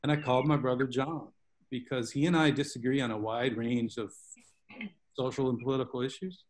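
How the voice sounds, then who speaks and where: A man's voice: mid-range voice, fairly even intonation, fairly quick. A man, a guest author, telling long stories with tangents in a book club discussion over a video call. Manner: rambling, self-aware storyteller with tangents.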